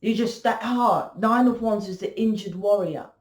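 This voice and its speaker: A woman's voice: mid-range voice, normal speed. A woman giving a blunt, confrontational tarot reading, swearing freely and lecturing the listener. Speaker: tarot reader. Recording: echoey room.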